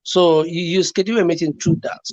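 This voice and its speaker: A man's voice: a little high, fairly even intonation, a little fast, darkish tone, dry recording, dull audio. A man with a Nigerian English accent, calling in to a chat stream, giving hesitant, brief answers with fillers. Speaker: caller. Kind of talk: casual call-in chat. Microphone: online call.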